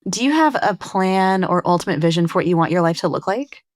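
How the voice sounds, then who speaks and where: A woman's voice: lowish voice, animated, fairly quick, dry recording, clean studio sound. A woman hosting a podcast interview, reacting with enthusiasm. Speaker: podcast host. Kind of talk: casual interview.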